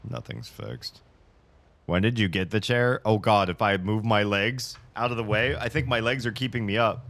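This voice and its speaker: A low-voiced man streaming from his home office, his talk casual and full of complaints. His voice jumps way up when he gets upset. The sound is dry and close, with no room echo. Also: moderate pace, gravelly. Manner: animated, complaining, swings high when upset. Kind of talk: casual live-stream chat.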